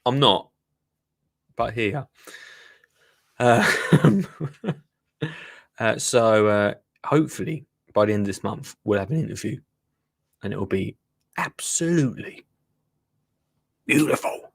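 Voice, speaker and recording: A man's voice: on the low side, animated, takes it slowly, gravelly, long pauses. A man hosting a live gardening show, chatting casually and rambling to his viewers. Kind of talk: casual live-stream chat.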